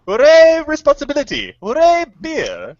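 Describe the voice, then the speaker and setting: A man voicing an overjoyed male beer-ad pitchman who cheers loudly in a drawn-out, sing-song way. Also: sing-song, no room sound, full character voice. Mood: gleeful. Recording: dull lo-fi podcast audio.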